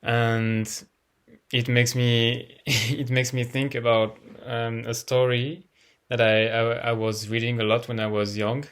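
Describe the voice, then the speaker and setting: Non-native English-speaking man teaching astrology, halting and unhurried delivery. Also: medium pitch, little pitch movement, fairly bright tone, clear, resonant tone. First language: not English. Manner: hesitant, repeats words while searching for them. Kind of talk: casual explanatory talk.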